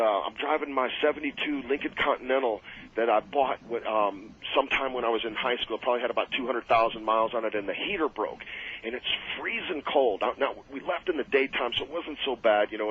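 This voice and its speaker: Fast-talking man spinning rambling stories. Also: medium pitch. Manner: animated, rambling storyteller who laughs at his own tales. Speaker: guest wrestler telling road stories. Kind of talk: casual radio interview storytelling. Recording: muffled old radio broadcast.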